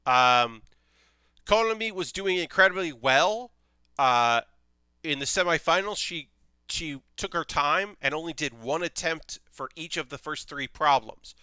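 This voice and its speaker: Chatty animated man, bright crisp voice. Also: on the high side, measured pace, no echo. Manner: chatty, animated, swears casually. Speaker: streamer reviewing anime. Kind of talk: casual livestream chat.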